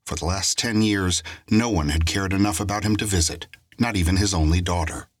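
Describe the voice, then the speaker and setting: A man narrates a crime story as an audiobook, his scripted delivery steady and fairly quick. His voice is very low and husky, and the recording is dry and close with no echo.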